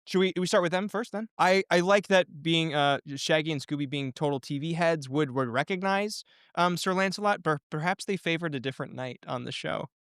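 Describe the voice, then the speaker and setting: A man's voice: fairly high pitch, brisk, hardly any pauses, fairly bright tone, smooth, no echo, studio quality. A man co-hosting a casual podcast, eagerly thinking aloud while planning a story with friends. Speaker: podcast co-host.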